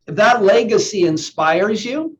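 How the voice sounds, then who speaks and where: Animated yet a little slow, this earnest NLP coach with a higher male voice repeats words while he thinks during a live online coaching session. The sound is slightly dull and lo-fi, carrying a faint hiss.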